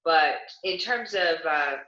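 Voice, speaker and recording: Female talk host, low-pitched and bright, measured questions, echoey and dull recording. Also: expressive. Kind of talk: interview questions.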